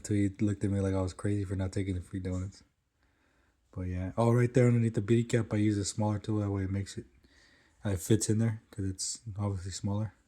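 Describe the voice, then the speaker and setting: Laid-back low-voiced tradesman. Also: mellow. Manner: laid-back, swears often, talks while working. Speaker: caulking tradesman. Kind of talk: casual work vlog narration. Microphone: smart glasses.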